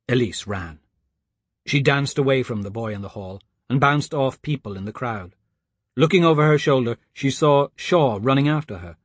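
A man reading a children's adventure story aloud in an even, steady storytelling manner. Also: mid-range voice, husky, no room sound. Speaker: narrator. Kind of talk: audiobook narration.

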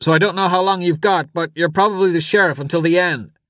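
A desperate father shouts urgent orders over a crackling radio, voice pushed high and strained, as a male narrator puts him on. He commands rather than asks, clipped and insistent, in a dry, close recording. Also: fast, no echo. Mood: urgent commanding. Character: frantic father, a man yelling over radio.

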